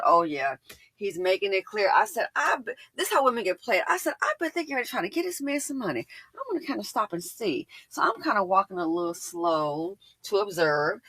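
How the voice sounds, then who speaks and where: A woman's voice: mid-range voice, fairly bright tone, dry recording. A woman host telling a storytime in casual, emphatic commentary, often repeating lines for effect.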